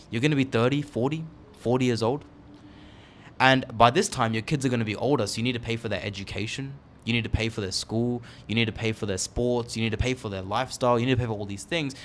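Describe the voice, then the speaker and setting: A man's voice: mid-range voice, slight background noise. A man in his twenties, seated and talking straight to the camera in a casual, emphatic, candid way about making money young. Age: 20s. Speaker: online entrepreneur vlogger. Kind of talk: motivational talk to camera. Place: seated indoors, filming himself.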